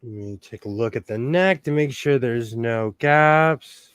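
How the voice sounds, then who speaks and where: A man's voice: medium pitch, a little slow, fairly bright tone, clean tone, no echo. A middle-aged man hosting a casual sewing livestream from home, chatty and self-mocking, reading chat questions aloud.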